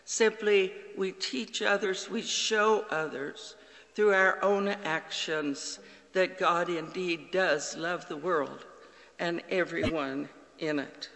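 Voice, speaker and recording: Male pastor, sermon delivery, bright slow voice with long reverb. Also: sits high, steady tone, gravelly. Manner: slow, earnest preaching with quoted dialogue.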